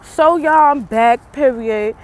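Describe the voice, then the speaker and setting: Young woman vlogger, laid-back slow talk, laughs a lot, out in the cold on a camera mic. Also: high-pitched, a little hiss or hum. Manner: chatty, loose, laughs often. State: eyes swollen from crying. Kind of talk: casual personal vlog. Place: outdoors in the cold.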